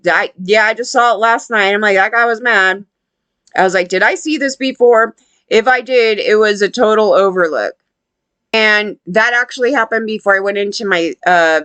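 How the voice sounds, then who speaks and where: A woman's voice: mid-range voice, a bit bright, no echo. A woman ranting to her viewers in a blunt, profane, rambling way, often restarting her sentences. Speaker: vlogger. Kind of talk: unscripted rant to camera.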